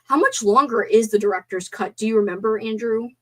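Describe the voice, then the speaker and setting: A young woman hosting a casual live stream movie talk, animated, swearing and gasping as she reads out chat comments. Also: on the high side, a little fast.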